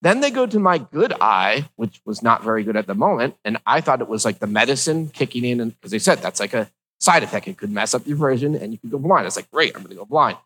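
A man's voice: mid-range voice, sing-song, quick pace, sharp tone, breathy edge, poor audio. A man telling a personal story to his viewers in a casual, rambling way, with lots of fillers and wry asides.

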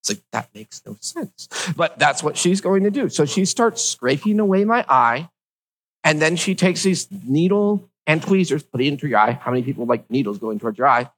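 Man vlogger, casual storyteller, wry and rambling, slightly high voice with lots of swing in it. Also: lively intonation, moderate pace, fairly bright tone, poor audio. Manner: rambling, filler-heavy, wry. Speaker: vlogger telling a personal story.

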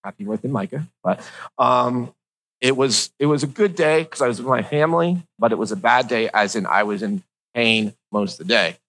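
A man's voice: medium pitch, animated, normal speed, a bit bright, rough recording. A middle-aged man with slightly slurred speech, telling a personal story in a casual, joking, rambling way.

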